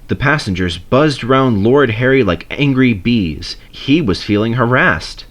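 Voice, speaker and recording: A man reading a railway storybook aloud in a measured, expressive narration. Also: fairly low pitch.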